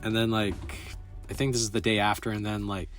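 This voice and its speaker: A man's voice: lowish voice, flat delivery, a little fast, faint music behind. A young man rambling about a video game from a small closet, chuckling and cutting himself off. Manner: rambling, chuckling, self-interrupting. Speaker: video host. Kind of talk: casual rambling game recap.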